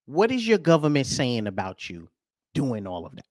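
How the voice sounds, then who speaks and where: A man hosting a podcast, ranting over news clips with profanity and rhetorical questions, swinging between loud and soft. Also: medium pitch, huge pitch swings, moderate pace, no echo, clean studio sound. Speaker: podcast host.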